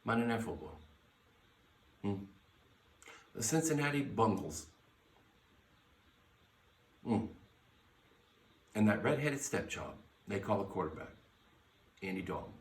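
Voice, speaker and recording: A man's voice: on the low side, lively intonation, takes it slowly, vocal fry, long pauses. A man hosting a podcast, giving brash, profane sports picks in casual talk and hyping his teams. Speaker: podcast host. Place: bar lounge. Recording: echoey room, mic at a distance.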